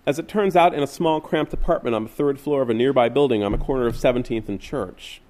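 A man reading literary fiction aloud in a measured, wistful way. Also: medium pitch, darkish tone. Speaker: reader.

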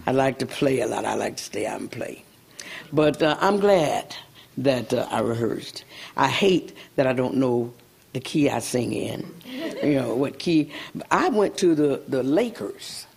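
An older woman singer, a guest in an interview, telling animated stories with a gravelly voice and frequent laughter. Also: a bass voice. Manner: laughs often, breaks into sung snippets. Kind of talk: animated storytelling.

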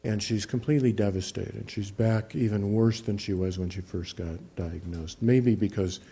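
A man who works as a physician, telling a patient's story in a calm, measured lecture and often restarting his phrases. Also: lowish voice, creaky, husky. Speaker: physician teaching guided imagery.

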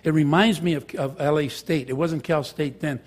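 An older man tells stories in a husky voice and a fairly high register. He jokes as he goes and drops into Spanish now and then. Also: normal speed. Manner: anecdotal, joking, switches into Spanish. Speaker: former high school teacher and counselor. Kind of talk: storytelling talk to an audience.

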